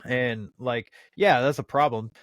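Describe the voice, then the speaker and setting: Brief: casual male host, profane rambling storyteller, mid pitch, dry close mic. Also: fairly even intonation, measured pace, no room sound. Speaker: podcast host. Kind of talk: casual chat.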